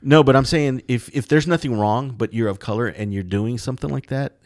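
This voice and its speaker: A man's voice: mid-range voice, brisk, no room sound. A man in casual chat, reasoning earnestly with an occasional dry one-liner.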